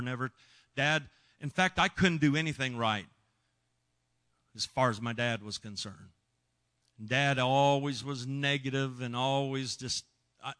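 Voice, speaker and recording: A middle-aged man preaching, telling a personal testimony with emotion, dropping to hushed tones and rising loud. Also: mid-range voice. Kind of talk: sermon testimony.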